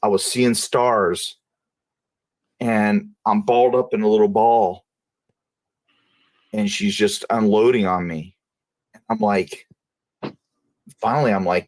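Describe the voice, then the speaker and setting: Man, lowish voice, casual storytelling, halting, repeats himself, dry close sound. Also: steady tone, a little mellow, dry recording. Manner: halting, repeats and restarts phrases. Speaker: interview guest.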